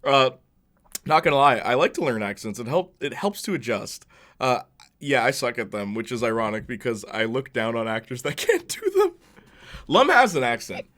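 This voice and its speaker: Young male streamer, loose rambly gaming chat, pitch swinging up and down, laughs a lot. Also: very animated, moderate pace, fairly bright tone. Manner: rambling, laughs often, many restarts.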